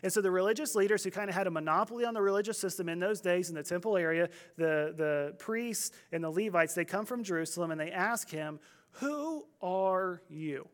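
High-voiced man preaching a sermon. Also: fast talker, hardly any pauses. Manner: conversational storytelling with humor. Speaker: pastor.

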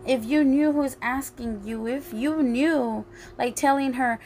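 A woman preaching a sermon in an earnest, halting way, often restarting her phrases. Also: sits high, a little mellow, a little hiss or hum. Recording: faint music behind.

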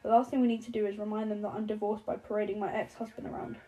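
A woman reading an audiobook, voicing a sharp-tongued middle-aged woman president who talks in clipped bursts and swears. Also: mid-range voice, flat delivery, rapid-fire, close to an everyday voice, rough recording. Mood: furious. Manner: shouting, clipped and cursing.

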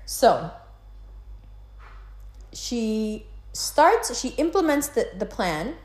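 A woman hosting a podcast, ranting in a casual, profane and animated way, mocking people with quick impressions. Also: a little high. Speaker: podcast host. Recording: echoey room.

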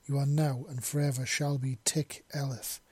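A man voicing an earnest human man in a story reading, speaking in a formal, then soft, tender way. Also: mid-range voice, flat delivery, moderate pace, husky, no echo, close to an everyday voice. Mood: solemn.

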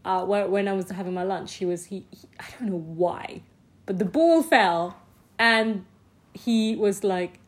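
A woman casually telling a personal story, animated, swearing freely and packing her talk with "like". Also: mid-range voice, a little slow. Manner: often laughs mid-sentence.

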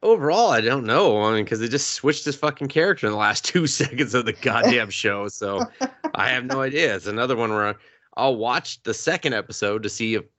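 A podcast co-host retells an anime in a casual review chat, crude and joking as he acts out characters in high, silly voices. He speaks animatedly, fairly quickly, with a bit of brightness.

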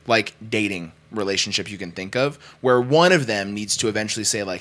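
A young man in casual sports talk, arguing his opinions in quick runs full of "like". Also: fairly low pitch, a bit bright. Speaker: podcast co-host.

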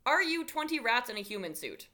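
A woman co-hosting a comedy podcast, reading out quiz questions in a playful, giggly way with deadpan lists. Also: on the high side, brisk. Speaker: podcast co-host, quizmaster. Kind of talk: casual comedic chat.

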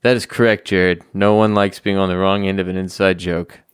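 A man with a fairly low voice co-hosting a casual podcast. He answers his partner with dry, deadpan one-liners and plays along with the running jokes. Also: a little fast, clear, resonant tone. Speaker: podcast co-host.

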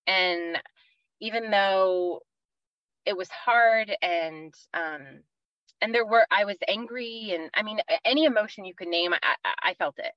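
A woman's voice: medium pitch, a little slow, no room sound, dull audio. A woman from the East Coast of the United States, in her thirties, telling an earnest personal faith story as a podcast guest, with many fillers.

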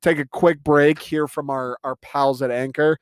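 A man's voice: on the high side, steady tone, normal speed, smooth, no echo. Incredulous profane young man ranting. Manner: profane, incredulous, rambling, laughs often. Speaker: podcast host. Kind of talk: casual solo podcast rant.

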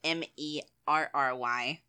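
A woman's voice: very deep voice, steady tone, takes it slowly, pushed and bright, smooth. A woman in a casual chat, asking curious questions and laughing often.

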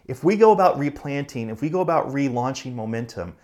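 A male pastor delivering a sermon in an earnest, conversational way. His voice sits at an ordinary middle pitch, and his pace swings between quick bursts and slow, stressed phrases. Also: expressive, a little mellow. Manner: conversational preaching, earnest, speeds up and slows for emphasis.

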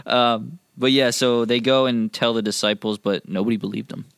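A man's voice: mid-range voice, steady tone, moderate pace, gravelly, a bit bright, clean tone, no echo, studio quality. A young man co-hosting a casual Bible discussion, easygoing and jokey as he reads passages aloud. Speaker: co-host.

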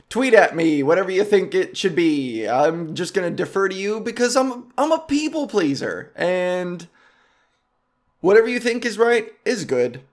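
A man's voice: sits high, a little mellow. Rambling, self-mocking podcast host man. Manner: rambling, impulsive, self-mocking, tries out goofy names. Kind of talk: casual solo podcast chat.

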